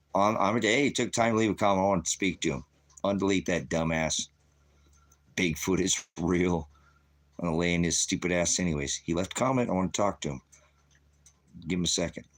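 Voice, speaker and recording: Low-voiced profane man ranting. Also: fast talker. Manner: profane, combative, rambling. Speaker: channel host. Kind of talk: ranting monologue to viewers.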